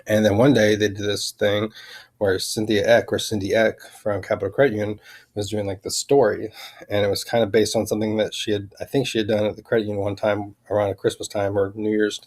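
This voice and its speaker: A man vlogging a rambling personal account, halting and full of fillers and restarts. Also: on the low side, flat delivery, darkish tone.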